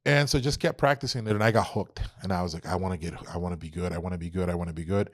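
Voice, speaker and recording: A young adult man, a podcast guest, telling an animated, profane story and acting out quoted dialogue. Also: low-pitched, rapid-fire, dry recording, studio quality. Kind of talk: casual storytelling.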